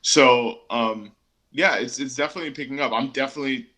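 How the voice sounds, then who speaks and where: A man's voice: mid-range voice, fairly quick, pushed and bright. A man co-hosting a casual comic book review chat, easygoing and hesitant, with many ums and restarts.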